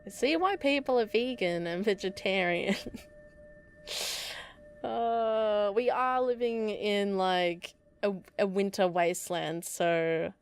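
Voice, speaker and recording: A woman's voice: mid-range voice, slow pace, slight background noise. Rambling self-deprecating young woman gamer. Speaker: gaming video host. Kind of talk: casual let's play commentary, reading game text aloud.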